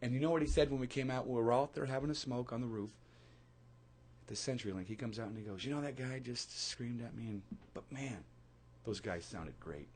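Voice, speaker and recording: A man's voice: mid-range voice, brisk, a little mellow. A man co-hosting a casual radio talk show, telling a story earnestly and acting out what people said. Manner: earnest storyteller, acts out quotes.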